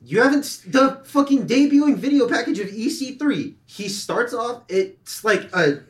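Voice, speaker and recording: Man with a lively voice in a roomy space. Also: very high voice, normal speed. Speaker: podcast co-host. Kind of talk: casual chat.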